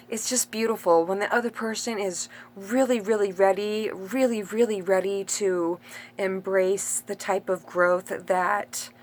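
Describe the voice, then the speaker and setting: A woman's voice: medium pitch, a little hiss or hum. A woman acting as a spiritual teacher, talking in a meandering, self-interrupting way in a casual spiritual monologue with open emotion.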